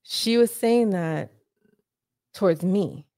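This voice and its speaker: Gravelly, blunt woman telling a story. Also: medium pitch, slow, dark tone, dry recording, studio quality. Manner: blunt and profane, retelling with rising urgency. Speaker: podcast guest. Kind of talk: emotional personal storytelling.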